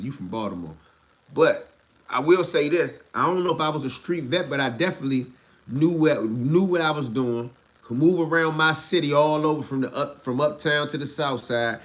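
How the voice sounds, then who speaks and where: A young man hosting a livestream, ranting in blunt street slang with heavy swearing and a voice that climbs when he gets worked up. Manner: heated, rises in pitch when worked up. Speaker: livestream host.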